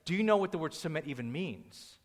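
A man's voice: a little high, lively intonation, a little fast. A man preaching a sermon, conversational and joking with the congregation. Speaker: pastor. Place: church hall. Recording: long hall reverb.

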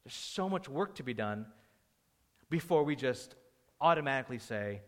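A man's voice: medium pitch, lively intonation, moderate pace. A man preaching a sermon, conversational and joking with the congregation. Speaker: pastor. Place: church hall. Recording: long hall reverb.

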